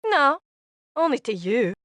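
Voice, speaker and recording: An actress playing a blunt, sharp-tongued young female tiefling thief with a tail in game dialogue. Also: sits high, very animated, measured pace, no echo, exaggerated voice. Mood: scornful.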